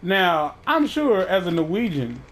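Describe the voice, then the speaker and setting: A man's voice: high voice, very animated, unhurried, fairly bright tone, a little hiss or hum. A man hosting a casual chat, talking in a profane, rambling way with many restarts. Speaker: podcast host.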